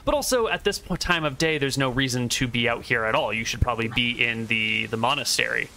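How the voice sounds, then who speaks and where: Man, game master, bright tone, relaxed descriptive narration, faint background noise. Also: mid-range voice, brisk, gravelly. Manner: descriptive, relaxed with filler words.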